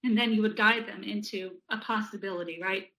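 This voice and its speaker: Energetic woman teaching a technique. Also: medium pitch, brisk, poor audio. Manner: energetic, checks in with "right?". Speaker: presenter and author. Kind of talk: instructional presentation.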